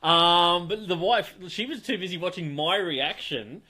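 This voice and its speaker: A chatty Australian host with a bright, slightly high voice. He rambles through a casual live show, swears easily and laughs a lot. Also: measured pace, slightly rough. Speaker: podcast host.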